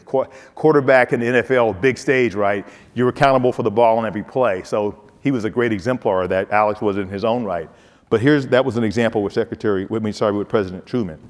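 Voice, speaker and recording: A man's voice: on the low side, in a large hall. A man giving a humorous motivational speech, telling stories and talking straight to his audience. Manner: humorous, storytelling, addresses audience directly. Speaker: keynote speaker, former football player.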